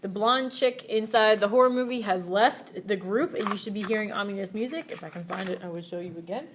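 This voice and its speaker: A woman's voice: medium pitch, brisk, background noise. A woman teacher giving a casual, chatty history lecture with playful asides.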